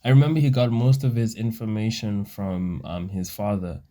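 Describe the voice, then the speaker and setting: A man's voice: fairly low pitch, fairly even intonation, moderate pace, mellow. A man co-hosting a casual chat, reacting to the story and rambling with fillers. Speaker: co-host.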